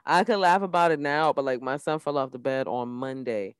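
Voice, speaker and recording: A young woman co-hosting a casual podcast, telling an animated story with laughter and acted quotes. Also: a bass voice, brisk, smooth, dry recording, clean studio sound. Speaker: podcast co-host. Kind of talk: casual chat.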